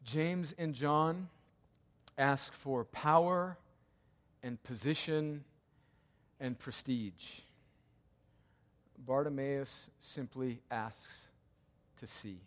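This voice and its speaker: A man preaching a sermon as pastor, emphatic and repetitive, swinging from loud cries to hushed, quiet passages. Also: mid-range voice, very slow, pauses often. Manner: emphatic, repeats key lines, swings between loud cries and hushed tones. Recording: long hall reverb.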